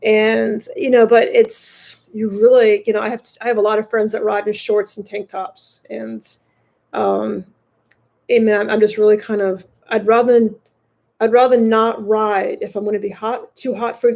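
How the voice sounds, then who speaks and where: Gravelly-voiced woman in her fifties rambling. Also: on the high side, steady tone, darkish tone. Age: 50s. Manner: rambling, halting, many fillers and restarts. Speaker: motorcycle vlogger. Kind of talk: casual chat to viewers. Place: hotel room.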